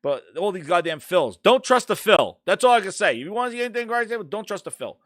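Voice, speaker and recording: Man, gaming podcast host, fairly high voice, dry close mic, ranting and profane. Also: sing-song, fast talker, dry recording. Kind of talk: casual gaming chat.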